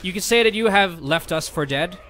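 A man's voice: high voice, animated, fairly quick. A man hosting a gameplay video, chatting casually and cracking goofy jokes as he plays. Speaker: gaming channel host.

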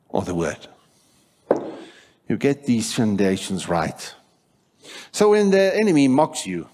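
A South African man preaching a sermon in church, telling stories with animated acted-out voices and shouting for emphasis. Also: fairly low pitch. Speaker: pastor.

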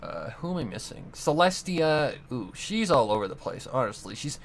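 A man's voice: on the low side, big pitch swings, fairly quick, gravelly, slight background noise. A man chatting casually on camera in his room at home, rambling and correcting himself with frequent chuckles. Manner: meandering, self-correcting, chuckling often. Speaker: fan audiobook reader and voice actor. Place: home room with guitars and a keyboard.

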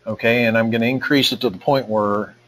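Speaking a little fast in a mid-range, somewhat bright voice with fairly even intonation, this man runs a live demo during a technical webinar. The recording is low quality, he's casual and full of fillers and restarts as he thinks aloud, and he's short of breath.

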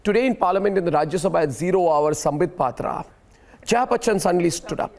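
A male TV news anchor, moderating a heated debate in a forceful, combative way and often repeating himself. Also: high voice, quick pace.

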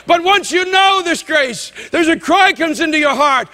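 A male pastor preaches with fervent, shouted conviction. His voice sits very high and bright, and it rings out with long reverb through a large church. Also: animated, moderate pace, hardly any pauses. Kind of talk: sermon.

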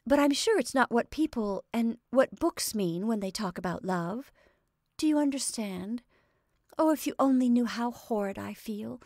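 A woman's voice: on the high side, a little mellow, dry recording, clean studio sound, voice pushed up. A woman voicing an earnest, anxious young woman in a storybook reading, speaking in a pleading way.

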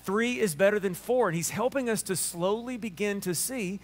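Man, Alabama drawl, pastor, sermon, storytelling, high-pitched, thirties. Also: normal speed. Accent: Southern US, Alabama. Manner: storytelling with restarts and chuckles.

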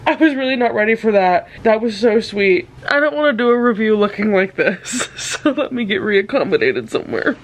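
A woman's voice: mid-range voice, lively intonation, normal speed, hardly any pauses. A young woman casually vlogging about her reading, candid and self-deprecating, with some swearing. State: tearful. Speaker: book vlogger. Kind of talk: casual vlog chat.

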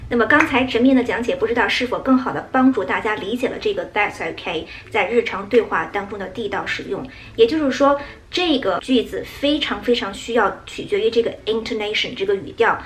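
A woman English teacher explaining English phrases in a brisk, explanatory way and acting out example lines. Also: on the high side, slight background noise. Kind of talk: explaining English usage in Mandarin.

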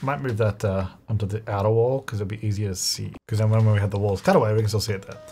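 A man hosting a gaming channel, thinking aloud in chatty gameplay commentary, self-correcting as he goes and breaking into excited bursts. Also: on the low side, soft background music. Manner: excitable bursts, quick laughs. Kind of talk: let's-play gameplay commentary.

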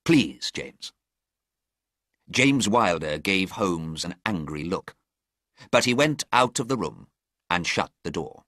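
A man narrating a story slowly and clearly for English learners. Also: low-pitched, expressive, fairly bright tone, no echo, studio quality.

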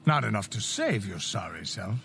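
A man's voice: lowish voice, sing-song, moderate pace, gravelly, fairly bright tone, slight background noise, full character voice. An actor voicing a menacing male Sith tough who speaks in a threatening way.

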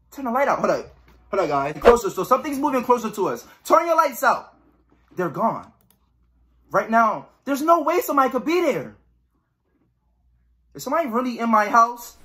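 A man's voice: high voice, very animated, brisk, fairly bright tone. A young man giving joking, swearing horror game commentary, reading the game text aloud. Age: young adult. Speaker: gaming YouTuber.

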